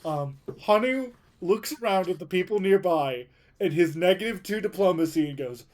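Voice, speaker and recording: A man playing a tabletop game, animated and joking. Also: sits high, normal speed. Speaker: player.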